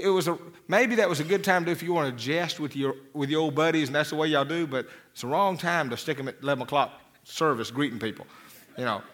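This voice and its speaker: A man's voice: on the high side, fairly bright tone. A man preaching a sermon as a pastor, folksy and rambling, with frequent restarts and repeated words. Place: church.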